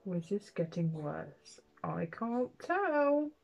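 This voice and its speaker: A woman's voice: mid-range voice, lively intonation, measured pace, darkish tone, breathy edge, soft background music. A young woman doing a casual makeup vlog, self-mocking and swearing as she talks to herself and her dog. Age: young adult. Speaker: beauty vlogger.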